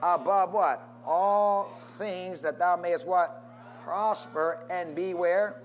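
High-voiced preacher, call and response. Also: male voice, slow. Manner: call-and-response preaching with wide swings in pitch and loudness. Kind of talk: sermon.

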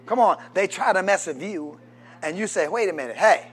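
A man preaching a sermon, reading scripture and rising into shouted call-and-response with the congregation. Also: high-pitched, animated, a little fast.

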